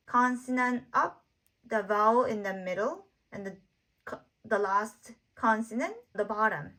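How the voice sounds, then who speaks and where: A woman teaching pronunciation step by step, repeating single sounds slowly in simple English with small grammar slips. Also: mid-range voice, a bit bright, rough recording. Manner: slow, deliberate, repeats single sounds for learners. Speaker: Korean language teacher. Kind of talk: slow step-by-step pronunciation lesson.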